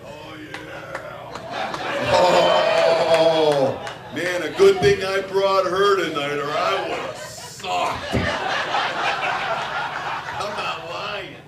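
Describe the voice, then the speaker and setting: A man's voice: high-pitched, fairly even intonation, very slow, over a noisy crowd. A man doing a stand-up routine on a bar stage, telling crude, profane stories. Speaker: stand-up comedian. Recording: roomy, distant, loud bar noise.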